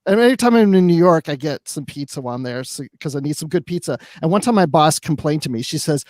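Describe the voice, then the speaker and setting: Chatty guy cohost, pitch bouncing all over, dry mic. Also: lively intonation, quick pace, few pauses, a little mellow, dry recording. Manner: chatty, laughs between thoughts. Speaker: podcast co-host. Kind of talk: casual chat.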